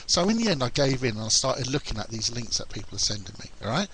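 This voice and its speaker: A man's voice: mid-range voice, fast talker, few pauses, a crowd in the background, rough recording. A man hosting an internet radio show, chatting casually, swearing and mimicking other people. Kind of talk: casual on-air banter. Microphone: studio mic, co-host over a call.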